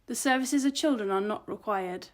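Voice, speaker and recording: A woman's voice: mid-range voice, normal speed, close to an everyday voice. A woman voicing a pompous middle-aged male police detective with a thick Austrian accent, talking down to everyone. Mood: smug.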